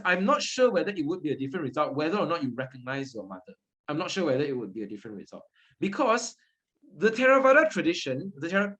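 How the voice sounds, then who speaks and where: Male Dharma teacher, conversational, checks in with class. Lively, slightly high. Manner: conversational, checks in with listeners often. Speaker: Buddhist teacher.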